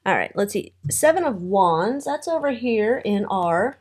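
A woman's voice: medium pitch, animated, unhurried, a little mellow. A woman giving a casual tarot reading, chatty, with wry asides and thoughts that trail off. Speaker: tarot reader.

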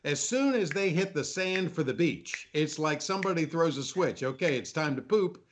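An older man in relaxed conversation, telling a funny story and acting out voices along the way. His voice sits a little higher than usual for a man. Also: normal speed, a little hiss or hum. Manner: animated anecdote teller, acts out quoted voices. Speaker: panel guest. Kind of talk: casual storytelling chat.

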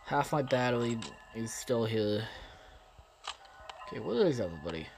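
A man giving profane, excitable let's play commentary and talking straight to his viewers. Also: mid-range voice, moderate pace, gravelly, soft background music. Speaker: gaming channel host.

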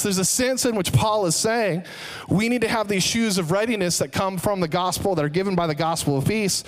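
Preaching with energy at a live service in the church sanctuary, a high-pitched male pastor drives his points home by repeating key phrases. Now and then he throws a joke to the congregation.

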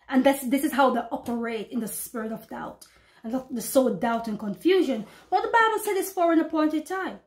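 High-voiced woman preaching fervently. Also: animated. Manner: fervent, emphatic, slows to read scripture aloud. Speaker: prophetic YouTube preacher. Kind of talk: preaching to camera.

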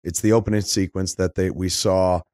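A middle-aged man hosting a podcast, talking in a rambling, animated way and swearing often. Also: low voice, a little fast, no room sound, clean studio sound. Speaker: podcast host. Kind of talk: casual chat.

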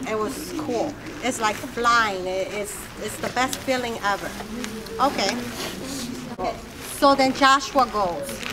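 A woman, an aunt, telling a funny family story in a casual, animated way with laughter and quick asides. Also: sits high, heavy background noise. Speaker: aunt of the deceased.

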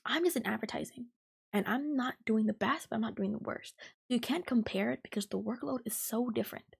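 A woman in her twenties hosting a podcast, venting heatedly and profanely about a coworker, talking fast with lots of fillers. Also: fairly high pitch, creaky, slightly rough. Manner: fast and emphatic. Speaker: podcast host. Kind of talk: ranting storytime podcast.

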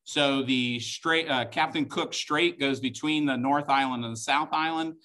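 In an unhurried, mid-range voice with a sharp edge, a middle-aged host leads an online wine tasting class. He jokes and chats as he takes viewers through the wines one by one.

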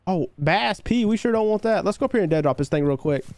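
A man live-streaming a game, chatting casually with his viewers and hyping up shout-outs to chat. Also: expressive, quick pace. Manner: hyped shout-outs to chat, voice jumping high on greetings; laid-back, easygoing talk between shout-outs.

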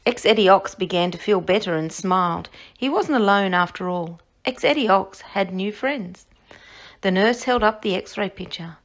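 A woman's voice: mid-range voice, moderate pace. Woman reading a children's phonics story. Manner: clear, expressive, careful sounding out. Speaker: reading teacher. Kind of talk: children's story read-aloud.

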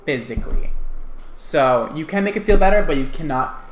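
A woman hairdresser giving casual, expressive reaction commentary on videos, explaining hair care in plain terms. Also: sits low, normal speed, echoey room. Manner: expressive, gasps and laughs, explains in lay terms.

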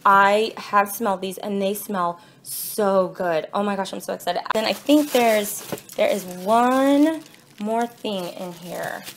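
A young woman gushing excitedly as she unboxes gifts in her home kitchen, filming on a phone in one hand and apologizing as she fumbles. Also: mid-range voice, takes it slowly, noisy background. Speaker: vlogger. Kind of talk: casual unboxing vlog. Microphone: phone held in one hand.

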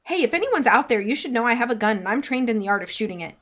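A woman reading aloud voices a bumbling, easily spooked male deputy who calls out loudly. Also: fairly high pitch, expressive, fast, soft background music. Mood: blustering. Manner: loud, blustery calling out.

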